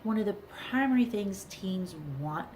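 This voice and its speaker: A woman's voice: medium pitch, expressive, moderate pace, darkish tone, slight background noise. A middle-aged woman, a parenting coach, giving earnest advice to camera and repeating key words for emphasis. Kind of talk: talking-to-camera advice video.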